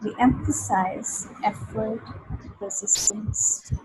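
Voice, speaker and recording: A woman's voice: mid-range voice, steady tone, slow pace, noisy background. Hesitant woman reading a text aloud. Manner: hesitant, many fillers and restarts. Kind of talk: halting read-aloud and discussion.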